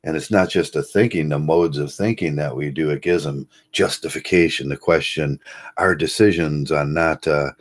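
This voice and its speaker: A man hosting a casual live stream, talking in a rambling, halting way with many fillers and chuckles. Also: rumbling low. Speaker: host. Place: home.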